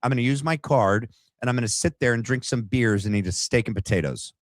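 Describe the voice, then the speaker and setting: A man's voice: medium pitch, brisk, no echo, close to an everyday voice. A man mockingly putting on the voice of a nonchalant young man casually planning his meals. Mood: mocking breezy. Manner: mocking, breezy, drawling.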